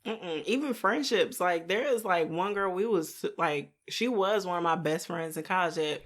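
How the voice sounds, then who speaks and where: A soft-spoken woman, chatting casually as a podcast co-host and laughing often. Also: on the low side, moderate pace. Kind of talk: casual chat.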